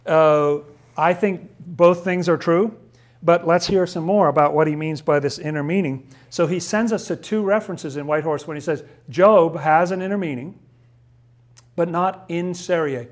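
Male lecturer, relaxed and wry, reads quotations aloud, voice sits a little high. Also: normal speed. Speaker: lecturer on scripture. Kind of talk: spoken lecture.

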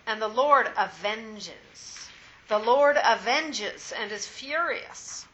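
A woman reading scripture aloud at a steady, measured pace in a Bible study. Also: fairly high pitch, low-quality recording. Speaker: scripture reader.

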